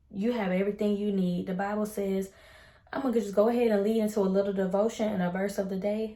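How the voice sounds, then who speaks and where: Upbeat woman vlogger, mellow voice, casual chatty hair-tutorial talk in a roomy space. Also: medium pitch. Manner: chatty and upbeat, uses Southern US slang. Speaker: beauty vlogger. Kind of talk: casual chat with devotional talk. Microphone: ring light setup at home.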